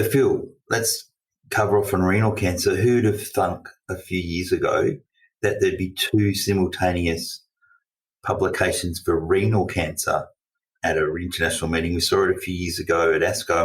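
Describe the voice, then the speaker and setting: A male host from Australia asks his guests questions in a relaxed, chatty way. His voice is very deep. He sounds set back from the microphone. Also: moderate pace, a little hiss or hum. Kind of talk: roundtable discussion. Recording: distant from the mic.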